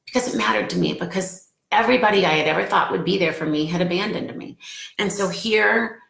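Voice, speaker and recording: A woman in her forties speaks earnestly and emotionally on a home live stream, her fairly low voice carrying a gravelly fry. The room is echoey, as if she is talking into a phone or webcam. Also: brisk, a bit bright. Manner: emotional, earnest, gets choked up. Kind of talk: casual live-stream talk to followers.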